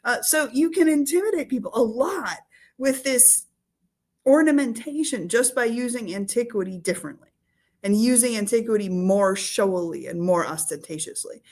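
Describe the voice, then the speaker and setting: A woman's voice: a little high, animated, normal speed, a little mellow. A woman historian in a casual interview, explaining history in a playful storytelling way with acted quotes. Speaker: historian guest.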